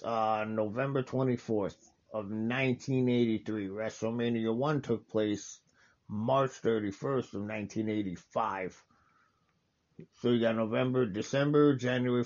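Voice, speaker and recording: A man's voice: fairly low pitch, a little mellow, highs cut off. A man hosting a casual wrestling watch-along, talking over the match in a rambling, enthusiastic way and correcting himself often.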